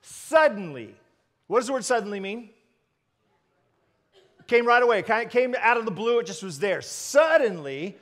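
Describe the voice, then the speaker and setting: A male pastor delivers a sermon through lively storytelling. His voice sits unusually high for a man, swinging between loud emphatic bursts and quiet asides.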